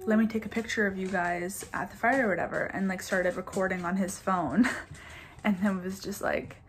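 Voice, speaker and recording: Young woman vlogger, twenties, casual storytime delivery, filler-heavy, mid-pitched voice. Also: fairly even intonation, moderate pace, slight background noise. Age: 20s. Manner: chatty, says "like" constantly, laughs between bits.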